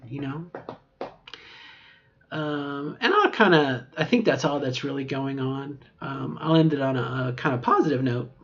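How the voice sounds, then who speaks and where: A woman's voice: very deep voice, dull audio. A middle-aged woman talking to camera in a casual video diary, reflective and rambling, with many fillers. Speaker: vlogger.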